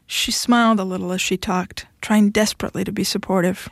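A woman reading a short story aloud in a steady, even storytelling manner. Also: medium pitch, fairly quick, vocal fry, hardly any pauses, dry recording, studio quality. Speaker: narrator.

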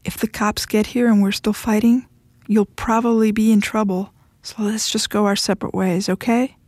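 A woman's voice: mid-range voice, flat delivery, moderate pace, darkish tone, dry recording, lightly acted. A woman reading the lines of a blunt young woman who speaks firmly and coolly to her husband.

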